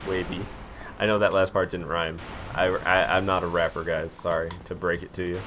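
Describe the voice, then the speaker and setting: A young man chatting through a live game stream, quick to get frustrated and poking fun at himself. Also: low voice, level tone, noisy background. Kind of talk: casual live-stream commentary.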